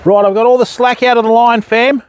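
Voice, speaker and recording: A man's voice: little pitch movement, brisk, clean tone. An Australian man chatting on a live fishing stream, talking to his viewers and to dogs outdoors by the water. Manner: chatty, calls dogs in a high sing-song voice.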